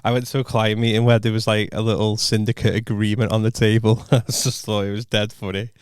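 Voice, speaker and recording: A man, co-hosting a podcast in casual chat, telling animated stories, acting out quotes and swearing freely. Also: fairly low pitch, a little fast, smooth, no echo, studio quality. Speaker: podcast co-host.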